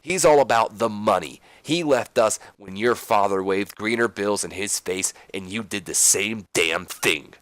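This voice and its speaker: A man's voice: on the low side, unhurried, few pauses, a bit bright, dry recording, clean studio sound. A man voicing an angry veteran male wrestler in a let's play, ranting in a raised, indignant voice. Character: angry veteran male wrestler demanding his title shot.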